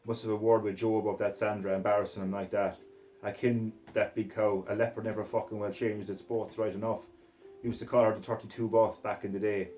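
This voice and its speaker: A man reading a story aloud in the first person, putting on a Scottish accent and talking in a rough, swaggering way. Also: fairly low pitch, flat delivery, brisk, darkish tone, muffled recording, faint music behind. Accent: put-on Scottish accent. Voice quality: rough, profane, swaggering narration in character. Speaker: reader of a short story.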